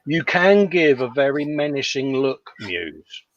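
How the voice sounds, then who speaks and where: A man's voice: medium pitch, very animated, unhurried, dry recording, highs cut off. A man co-hosting a casual live chat, joking and laughing as he goes. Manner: jokey, laughs often. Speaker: co-host.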